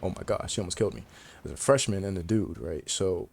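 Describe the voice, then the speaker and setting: A man's voice: deep voice, expressive, fast, creaky, darkish tone. A young man telling a casual story to the camera, slangy and joking, laughing often as he talks. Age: young adult. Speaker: vlogger.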